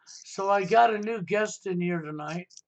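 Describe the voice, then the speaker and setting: A man's voice: sits high, unhurried, vocal fry. A man hosting a live stream, ranting insistently and repeating rhetorical questions. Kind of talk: heated political talk stream.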